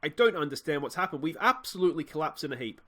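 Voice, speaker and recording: A man's voice: fairly high pitch, animated, fast talker, a bit bright. A young man with an Australian accent, commentating his football management game in a rambling, frustrated way with many restarts. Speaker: let's play host.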